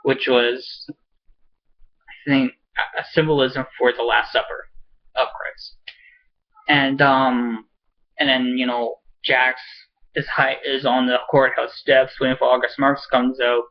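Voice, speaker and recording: A man casually recapping a TV episode at home, excitable and swearing, rambling with lots of fillers. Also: medium pitch, slow, highs cut off. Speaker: show reviewer. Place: home with a pet cat.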